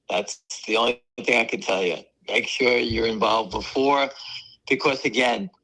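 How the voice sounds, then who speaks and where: A man co-hosting a stock market talk show, hoarse from allergies, talking bluntly and dismissing critics. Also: medium pitch, a bit bright, rough recording. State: hoarse, losing his voice from allergies. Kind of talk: casual market talk with a co-host.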